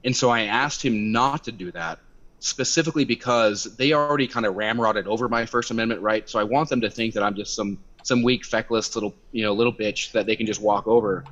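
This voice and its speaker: A young man telling a story in casual chat on a video call, animated and swearing, acting out quotes in a louder voice. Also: lowish voice, a little fast. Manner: animated, swearing, acts out quotes by raising his voice. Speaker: activist guest. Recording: dull lo-fi video call audio.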